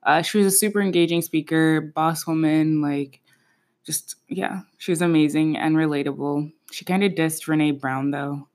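A woman's voice: low voice, normal speed. Slangy, playful woman in her twenties. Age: 20s. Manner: slangy, playful and profane, with many fillers; chatty and expressive, laughs often. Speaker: podcast host. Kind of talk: casual solo chat.

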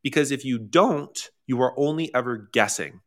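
A man hosting a casual online workshop, talking in a chatty, animated way with fillers, restarts and sudden high exclamations. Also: normal speed. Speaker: workshop host.

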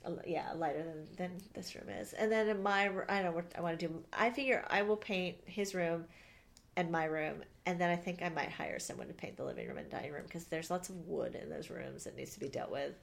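A woman's voice: on the low side, a little fast, vocal fry. A woman co-hosting a podcast, chatting casually and rambling with lots of ums and restarts. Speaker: podcast co-host. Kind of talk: casual chat.

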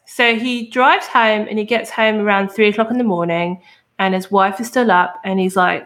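A woman hosting a true crime podcast, telling the story in a casual, animated way and swearing now and then. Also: mid-range voice, normal speed.

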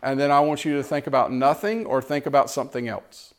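A man preaching a sermon, swinging between loud exhortation and quiet storytelling. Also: medium pitch, a little fast. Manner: animated, rising to loud exhortation and dropping to quiet, tender storytelling.

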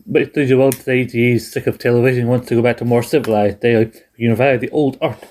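A man's voice: mid-range voice, fairly even intonation, a little fast, darkish tone, a little hiss or hum. Laughing, rambling young man. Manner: rambling, laughs often, quotes lines in put-on voices. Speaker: podcast co-host. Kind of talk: casual chat recapping a cartoon episode.

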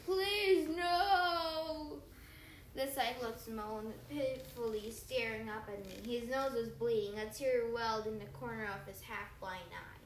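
A woman reading a story aloud in first person, lively, with small stumbles and self-corrections. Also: a little high, normal speed, few pauses, echoey room, a little hiss or hum, poor audio. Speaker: audiobook reader.

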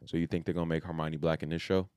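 A man's voice: very deep voice, flat delivery, racing, a little mellow, clean tone, no room sound. A man co-hosting a casual podcast chat, playful and profane, laughing often. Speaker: podcast co-host.

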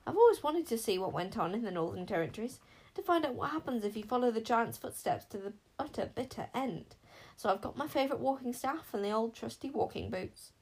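A woman's voice: a little high, lively intonation, a little fast, few pauses, husky. A woman reading an audiobook, voicing a kindly, eccentric older female wizard who tuts and cheers. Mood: cheerful. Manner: warm-hearted, fussy, enthusiastic. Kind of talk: audiobook character voice.

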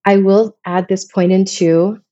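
A woman's voice: medium pitch, steady tone, a little slow, dark tone, no echo, highs cut off. A woman in her thirties from Vermont, telling personal stories in a casual, emotional, rambling way as a podcast guest. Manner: emotional, rambling, many restarts.

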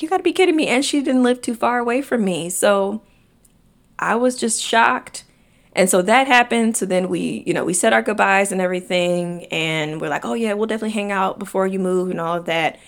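A woman's voice: on the low side, gravelly. A young woman hosting a podcast, sharing a personal story in an emotional, chatty way and calling listeners "y'all.". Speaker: podcast host.

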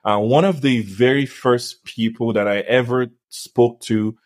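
A young man co-hosting a casual podcast chat, telling stories in an animated, playful way. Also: medium pitch, a little slow. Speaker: podcast co-host.

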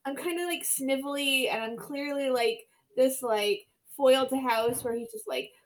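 A woman's voice: high-pitched, unhurried. A woman co-hosting a casual comedy podcast, rambling and interrupting herself as she jokes. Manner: rambling, self-interrupting, laughs mid-sentence. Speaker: podcast co-host.

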